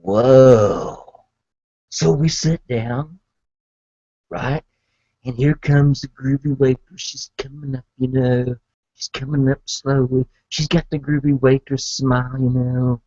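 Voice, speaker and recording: A man's voice: mid-range voice, level tone, a little slow, warm tone, no room sound. Man, comic storyteller, laid-back hippie slang, dry close sound, dull lo-fi recording. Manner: laid-back hippie slang, talks about himself in third person. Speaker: podcast host in character.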